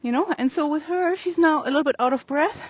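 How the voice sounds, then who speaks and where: Woman, horse trainer, gentle coaxing delivery, talks through her work; dry, slightly dull audio. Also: high-pitched, fast talker, no room sound. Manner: calm, coaxing, many fillers. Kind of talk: explaining training while working a horse. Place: outdoor open riding arena.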